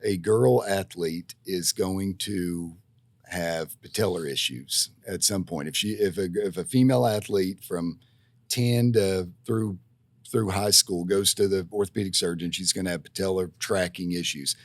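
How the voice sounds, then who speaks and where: A low-pitched man, telling folksy stories in a relaxed podcast chat. He rambles, restarts his sentences and leans on fillers, and his voice sounds close and dry with no room around it. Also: measured pace, no room sound. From Tennessee, USA. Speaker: physical therapist guest. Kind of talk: casual podcast conversation. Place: podcast studio.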